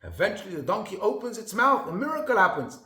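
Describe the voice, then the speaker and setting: A man's voice: sits high, sing-song, fast talker, bright, forceful tone, roomy sound. A man rabbi giving a sermon in an earnest storytelling manner with emphatic repetition.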